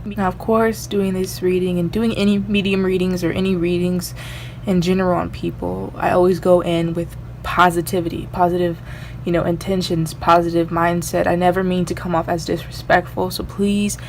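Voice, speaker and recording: A young woman with a lowish voice talks straight to camera as she gives a psychic medium reading. She is earnest and rambling and circles back over the same phrases. A faint hiss sits under her voice. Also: little pitch movement, moderate pace, a little mellow. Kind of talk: spiritual reading vlog.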